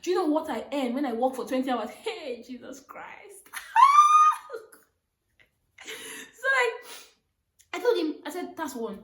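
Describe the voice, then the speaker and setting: High-voiced young woman telling a story. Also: big pitch swings, fairly quick, reverberant. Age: young adult. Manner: retells arguments with rising, emphatic outbursts. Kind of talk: animated storytime. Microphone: phone.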